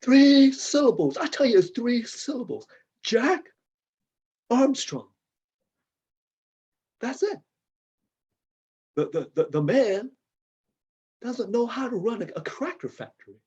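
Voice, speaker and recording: A flustered older cracker factory worker rambles and stammers through his complaints, as a man plays him in improv. His pitch swings wildly and his voice is husky. The sound is a dull, lo-fi video call. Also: sing-song, slow pace, long pauses, darkish tone, full character voice. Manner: rambling, stammering, bursts of high-pitched indignation. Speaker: improv performer.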